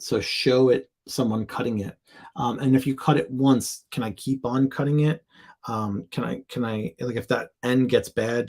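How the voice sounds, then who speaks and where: A man's voice: medium pitch, a little mellow. A man in a casual live stream, thinking aloud as he reviews sellers' product listings, with lots of ums and likes. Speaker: sales account executive reviewing seller listings.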